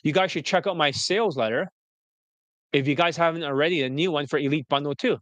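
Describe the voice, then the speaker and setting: Bright, direct male dating coach. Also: on the high side, fast talker, dry recording. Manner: blunt, direct, switches into a polished marketer voice. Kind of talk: livestream talk mixing sales pitch and casual chat.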